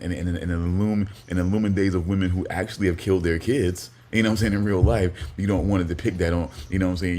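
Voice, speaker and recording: A man's voice: sits low, darkish tone, slight background noise. A man co-hosting a podcast who rambles in casual chat, often repeating "you know what I'm saying.". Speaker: podcast co-host.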